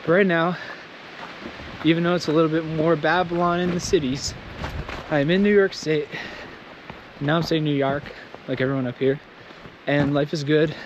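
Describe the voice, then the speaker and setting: A man's voice: medium pitch, lo-fi sound. Joking man vlogging in the wind. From Southern United States. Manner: joking, rambling, slow from the cold. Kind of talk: casual vlog talk. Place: windy mountain outdoors. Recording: wind noise outdoors.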